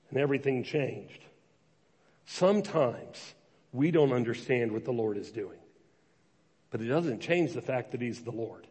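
A man's voice: mid-range voice, animated, a little slow, long pauses, a little mellow, breathy edge. Man preaching in a reverberant hall. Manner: storytelling, conversational, quotes voices in dialogue. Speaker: pastor. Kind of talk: sermon. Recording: long reverb of a large hall.

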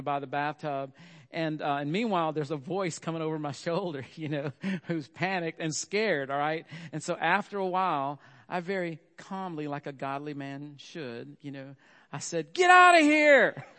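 Middle-aged male preacher, slightly high voice, casual storytelling sermon. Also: in a large hall. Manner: chatty, storytelling, frequent "okay?" asides.

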